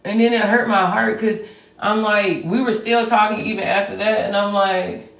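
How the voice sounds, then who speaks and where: A woman venting on a casual livestream, rambling and emotional, at times breaking into loud outbursts. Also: mid-range voice, steady tone, moderate pace, vocal fry. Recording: roomy sound, far from the mic.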